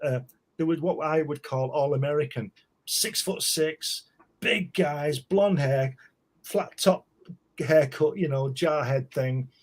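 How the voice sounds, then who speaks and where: A man's voice: fairly high pitch, takes it slowly. A man telling stories in casual podcast chat, rambling and repeating words as he goes.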